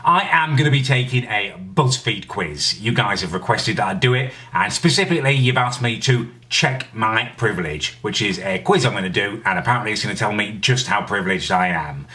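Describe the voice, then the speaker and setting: A young man hosts his own vlog, delivering dry, sardonic commentary full of indignant asides. His voice sits on the low side. He is picked up from a little way off the mic. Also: animated, fairly quick, hardly any pauses, sharp tone, distant mic. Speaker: vlogger host. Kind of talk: casual comedic vlog commentary.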